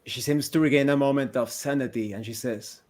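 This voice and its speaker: A man narrating a tabletop game as game master in a slow, deliberate way. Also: medium pitch, darkish tone.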